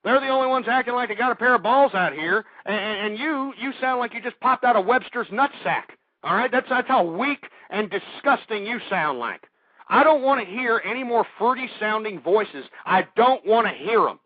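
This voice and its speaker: A man's voice: high-pitched, animated, normal speed, no room sound. A man hosting a call-in radio show, ranting and hurling insults at his callers. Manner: abrasive, insulting, shouting at callers. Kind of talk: aggressive talk radio rant. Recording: dry, tinny phone-like audio.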